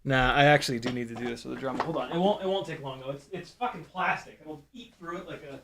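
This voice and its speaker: A man's voice: mid-range voice, fast, a bit bright. A man hosting a casual live stream, talking through a hands-on build with rambling asides and swearing. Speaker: livestream host building a drone.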